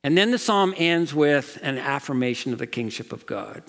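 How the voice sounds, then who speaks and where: A man's voice: medium pitch, expressive, moderate pace, a bit bright, long reverb tail. A man preaching a sermon at a Bible college in an earnest, lecturing tone that rises into passionate pleading.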